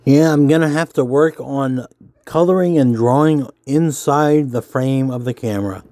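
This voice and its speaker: A man's voice: medium pitch, moderate pace, no room sound, clean studio sound. A man who calls his own voice nerdy, casually reading an interview aloud and chatting while he colors a drawing. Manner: self-described nerdy voice, relaxed with fillers. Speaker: comics vlogger.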